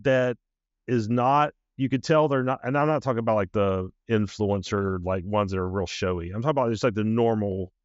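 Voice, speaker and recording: A man co-hosting a podcast in casual chat, halting and searching for words with many fillers. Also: on the low side, dry recording, dull audio. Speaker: podcast co-host.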